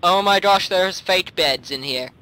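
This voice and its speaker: Man, excitable let's-play co-host, high lively voice, laughs a lot, bright tone. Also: smooth. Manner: giggly, excitable, laughs often. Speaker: gamer, co-host. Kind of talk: casual let's play chat.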